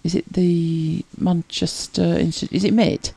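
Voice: medium pitch, little pitch movement, measured pace, gravelly, warm tone, slightly rough. A chatty host, laughing easily and answering viewer questions in casual talk. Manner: chatty, laughs easily, repeats words when starting. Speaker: host of a tech help show.

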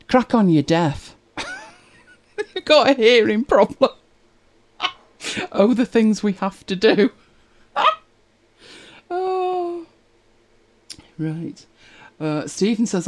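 A woman hosts a live stream, reading viewer comments and drifting into stories of her own. Her pitch swings widely and she laughs often. The whole thing sounds like an easy, casual chat. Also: darkish tone. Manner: chatty storyteller, laughs often.

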